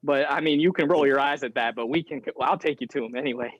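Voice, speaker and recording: A man voicing a small excitable male rat familiar who yelps and apologizes a lot. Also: medium pitch, fast talker, breathy edge, dry recording, lo-fi sound, natural voice. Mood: eager. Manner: eager, apologetic, yelps often.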